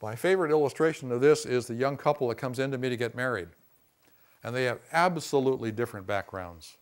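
Male lecturer with a mid-range voice, conversational, leaning on "you know" and "see", bursting loud when he acts out quoted voices. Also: mid-range voice. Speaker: teacher of a boundaries class. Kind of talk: classroom lecture.

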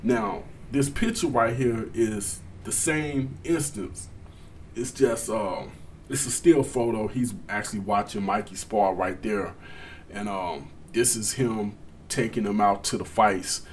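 A man's voice: on the low side, takes it slowly, slight background noise. A man hosting casual boxing commentary, talking straight to his viewers with emphasis.

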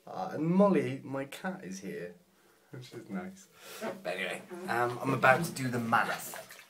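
Vlogger, man, rambling and chatty, lively up-and-down delivery. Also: mid-range voice, unhurried, husky. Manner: rambling, chatty, laughs often. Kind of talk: casual video diary.

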